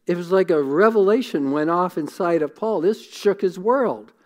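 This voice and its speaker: A man's voice: sits high, moderate pace, a little mellow. Earnest, conversational preacher man. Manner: earnest, conversational, repeats words as he thinks. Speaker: pastor. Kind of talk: sermon.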